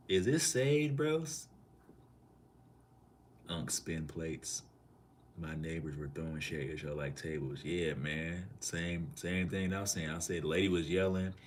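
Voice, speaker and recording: A man's voice: extremely low pitch, a little hiss or hum. A man from Minneapolis streaming live in a loose, slangy way, reading out and answering chat comments.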